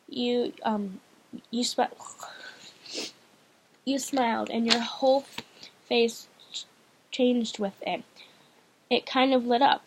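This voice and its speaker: A woman's voice: on the high side, steady tone, slow, pauses often. Hesitant woman reading a novel aloud. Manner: hesitant, frequent restarts and fillers. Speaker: audiobook reader, channel host. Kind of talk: casual first-person novel reading.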